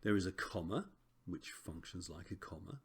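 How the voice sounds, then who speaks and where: A man teaching a recorded Greek lesson, relaxed and chatty with frequent ums and self-corrections. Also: low voice, moderate pace, husky.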